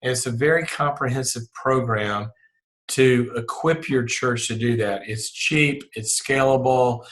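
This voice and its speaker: A man from Mississippi with a Southern US accent, a guest on an interview podcast, talking in an animated way that often restarts and repeats words. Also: medium pitch, unhurried, slight background noise. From Mississippi, USA. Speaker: guest psychologist and leadership author. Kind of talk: podcast interview and spoken prayer.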